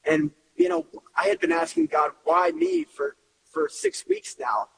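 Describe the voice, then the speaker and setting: A man's voice: very high voice, huge pitch swings, a little slow, vocal fry. A man in his thirties, a coach, giving an earnest, emotional personal testimony. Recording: long reverb, faint hiss.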